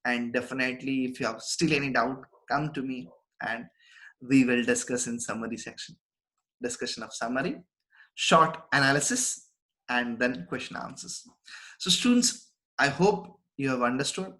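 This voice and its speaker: Indian English teacher explaining a text. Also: male voice, mid-range voice, moderate pace, pushed and bright, poor audio. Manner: reads lines aloud, then explains them with restarts. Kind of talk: live online lesson, reading and explaining a text.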